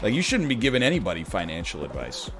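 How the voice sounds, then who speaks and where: A man in his thirties giving casual gameplay commentary, chatty and prone to sudden excited yelling. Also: lowish voice, quick pace, music in the background. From Canada. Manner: animated, jumps from chatty riffing to excited yelling at the game. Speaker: gaming commentator.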